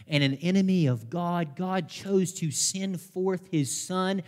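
Fervent preacher in a reverberant church. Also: male voice, high-pitched. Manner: fervent, slows down for emphasis. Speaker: pastor. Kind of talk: sermon. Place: church sanctuary. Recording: long hall reverb in a church.

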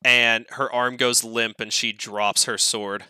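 A man's voice: medium pitch, level tone, takes it slowly, pushed and bright, smooth, no echo. A man narrating a tabletop game as game master, laid-back and swearing now and then.

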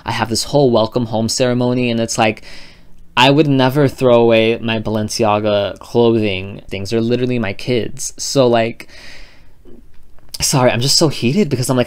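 A man's voice: medium pitch, fairly even intonation, normal speed. A man vlogging about fashion to camera, chatty and dramatic, filling his talk with "like" and "you know". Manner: gushing, dramatic, filler-heavy with constant "like". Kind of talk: casual chat to camera.

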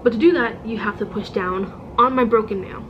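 A woman vlogger telling a story in a casual, animated and exasperated way, demonstrating with objects as she goes. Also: on the high side, moderate pace, highs cut off, a little hiss or hum. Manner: demonstrates with objects while talking.

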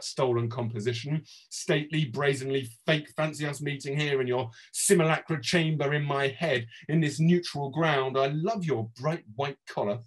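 An English author giving a theatrical reading of his own prose, swinging between loud outbursts and quiet murmurs. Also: mid-range voice, normal speed, hardly any pauses. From England.

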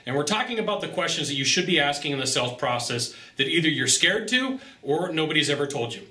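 A man coaching on sales in an animated, joking way, often jumping into high, acted-out voices. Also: quick pace, roomy sound. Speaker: sales trainer. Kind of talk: energetic motivational sales coaching monologue.

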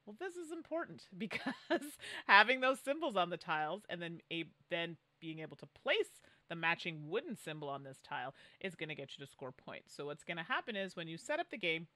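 A woman's voice: lowish voice, very animated, normal speed, pushed and bright, dry recording. A woman from Canada co-hosting a podcast, chatting casually about board games and laughing often. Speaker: podcast co-host.

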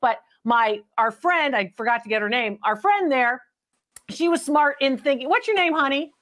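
High-voiced chatty woman appraiser. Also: animated, normal speed, fairly bright tone. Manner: chatty and teasing, calls guests honey and babe, laughs often. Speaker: antiques appraiser hosting a live call-in show. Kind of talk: lively live-stream chat with callers.

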